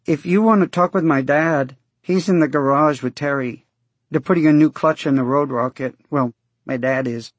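A man voicing an excited, chatty six-year-old boy in an audiobook reading. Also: normal speed, dry recording, lightly acted. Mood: eager. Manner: high, eager, breathless chatter. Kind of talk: audiobook character voice.

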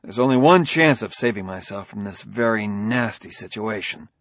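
A man's voice: fairly low pitch, animated, moderate pace, a bit bright, no room sound. Male actor as pressured cop talking himself through a frame-up; urgent, worried, dry close mic. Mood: anxious. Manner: urgent, anxious reasoning aloud. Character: tense, hunted male human police detective. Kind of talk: audiobook dialogue reading.

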